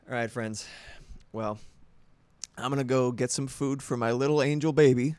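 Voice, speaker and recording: A man's voice: mid-range voice, steady tone, normal speed, a little mellow, a little hiss or hum. A man in his thirties chatting casually on a livestream, rambling and self-deprecating, with some swearing. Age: 30s.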